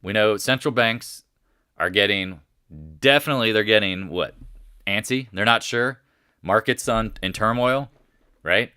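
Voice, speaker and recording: A middle-aged man hosting live market commentary, talking in an animated way, thinking out loud and firing rhetorical questions as he watches prices move. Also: on the low side, no room sound, studio quality.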